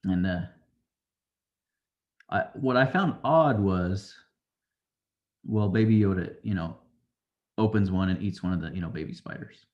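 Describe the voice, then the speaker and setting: A man's voice: low voice, a little slow, long pauses, highs cut off. A man casually recapping a show episode, rambling along and acting out quotes from the characters. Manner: rambling, loose retelling with acted-out quotes. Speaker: show reviewer.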